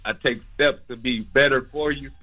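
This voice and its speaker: A man's voice: medium pitch, steady tone, normal speed, bright, forceful tone, slightly rough, rough recording. A man calling into a radio show, speaking earnestly and emotionally about his relationship. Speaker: caller. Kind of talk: call-in radio talk.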